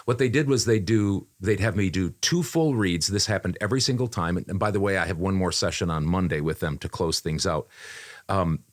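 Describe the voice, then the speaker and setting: A man with a notably low, deep voice chats on a podcast about his voiceover work. He speaks conversationally and repeats phrases as he goes. Fillers come up often. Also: fairly quick. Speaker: voiceover artist. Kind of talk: casual podcast chat.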